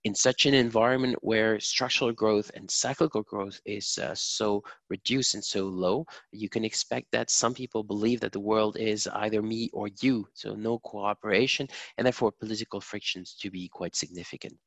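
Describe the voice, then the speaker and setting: A man speaking as a guest market strategist, giving financial commentary in a measured way with frequent filler pauses. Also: lowish voice, steady tone, vocal fry, a bit bright, no room sound.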